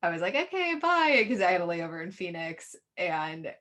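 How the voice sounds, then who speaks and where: A woman's voice: lowish voice, little pitch movement, brisk, a bit bright. A woman co-hosting a casual podcast, talking in a reflective and friendly way. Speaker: podcast co-host.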